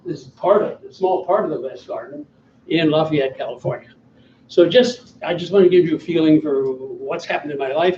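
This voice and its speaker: A man's voice: fairly high pitch, dark tone, a little hiss or hum. A man in his seventies from the American South, giving an after-dinner talk with slides and wry, self-deprecating humor. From Southern US (Alabama). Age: 70s. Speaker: guest speaker. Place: banquet hall. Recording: distant, echoey hall, muffled sound.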